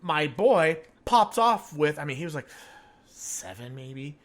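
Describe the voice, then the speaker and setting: Lively middle-aged male podcast host. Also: a little high, a little slow. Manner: lively storyteller, laughs often, swears freely. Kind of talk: casual chat.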